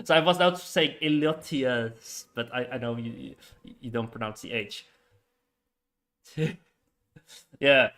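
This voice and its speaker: A man streaming a city-building game in casual chat, rambling with lots of fillers and quick laughs. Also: mid-range voice, lively intonation, fairly bright tone. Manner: rambling, hesitant, full of fillers and frequent laughs. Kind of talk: casual live-stream chat while playing.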